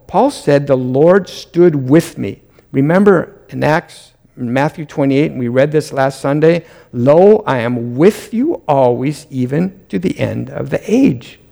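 Gravelly-voiced man preaching a sermon. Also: fairly high pitch, mellow. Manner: earnest preaching with rising emphatic questions. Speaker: pastor.

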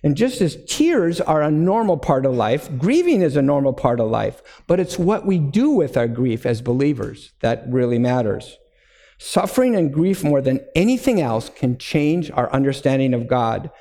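A middle-aged man preaching a sermon, earnest and deliberate, slowing down to stress key words. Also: medium pitch, big pitch swings, mellow, in a large hall. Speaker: pastor.

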